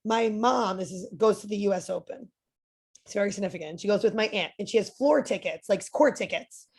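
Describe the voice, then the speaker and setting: A young adult woman, a podcast guest, telling a story in a lively way, acting out what others said and using "like" a lot. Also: medium pitch, brisk, slightly rough. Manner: lively, acts out quoted voices, frequent "like" fillers. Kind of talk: animated storytelling.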